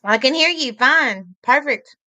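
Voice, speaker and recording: A woman's voice: high voice, animated, measured pace, pushed and bright, no echo. A woman hosting a casual livestream chat, giggly and fond as she greets her guests. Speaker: livestream host.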